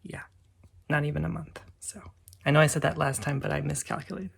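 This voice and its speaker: Male vlogger, casual chat to camera, gravelly texture, chatty with fillers, shifts between hushed and loud, faint background noise. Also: a little high, a little fast. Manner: chatty, with frequent fillers, slipping between soft whispers and loud excitement. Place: home garage by a car.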